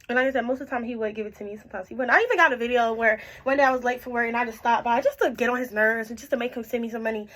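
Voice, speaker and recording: A woman's voice: fairly high pitch, fairly even intonation, racing, few pauses, fairly bright tone. A tipsy young woman telling a storytime in casual, profane chat, jumping around as she goes. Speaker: storytime vlogger.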